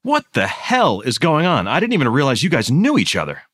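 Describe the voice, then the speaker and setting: A man's voice: mid-range voice, huge pitch swings, brisk, fairly bright tone, no room sound, studio quality. A man hosting a mock interview in a sketch with the manner of an exasperated moderator. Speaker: sketch comedy host.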